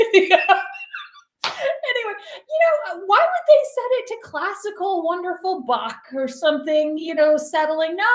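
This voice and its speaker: A woman hosting a casual online show, chatting through odd news stories with lively, joking asides. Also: sits high. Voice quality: animated, chatty, quick to laugh. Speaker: show host. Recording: roomy echo.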